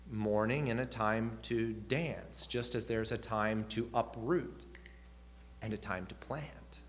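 A man's voice: mid-range voice, a bit bright. A man preaching a sermon, earnest, with rising and falling emphasis and questions put to the listeners.

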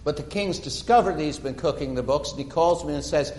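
A man preaching a sermon, retelling stories dramatically and slowing down for emphasis. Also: on the high side, a little mellow. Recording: echoey hall reverb.

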